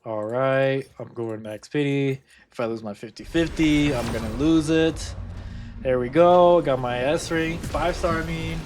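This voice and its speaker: A man's voice: mid-range voice, unhurried, a little mellow, soft background music. A man in casual gaming commentary, muttering counts and ranting in bursts of swearing. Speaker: gacha game content creator.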